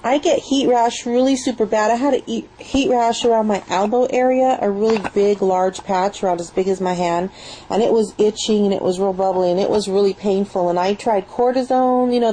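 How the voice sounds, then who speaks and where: Chatty woman with a mellow voice. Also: medium pitch, a little hiss or hum, rough recording. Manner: chatty and enthusiastic, rambling with fillers. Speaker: product reviewer. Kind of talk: casual spoken product review.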